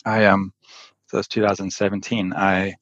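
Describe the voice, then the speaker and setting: Brief: man, deep voice, rambling guest storyteller, muffled dry sound. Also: level tone, moderate pace, fairly bright tone, no echo. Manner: rambling, filler-heavy, laughs often. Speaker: podcast guest, endurance athlete. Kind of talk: casual storytelling.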